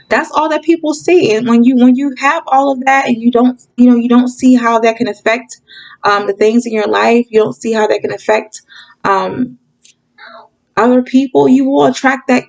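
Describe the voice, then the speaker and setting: This woman's voice sits on the high side and is creaky, and the audio quality is poor. As a spiritual reader and channel host, she talks casually to viewers with frank tough love, often saying "okay?" and "you guys." Excitement makes her speak quickly, and she performs the voices she quotes.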